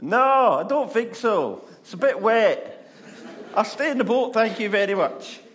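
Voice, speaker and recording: A squeaky, whining fisherman apostle, as a preacher puts him on, politely refusing to leave his boat. His voice sits well above a plain man's and drags slowly. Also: lively intonation, fairly bright tone. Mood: reluctant. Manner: high, whiny, polite refusal. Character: reluctant fisherman apostle, man, balking at wet water.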